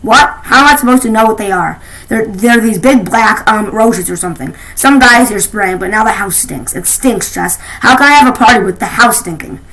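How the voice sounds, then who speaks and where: A woman's voice: mid-range voice, moderate pace, crowd noise, lightly acted, rough recording. A woman voicing a spoiled, snobbish teenage girl in a storybook reading, complaining melodramatically. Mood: whiny.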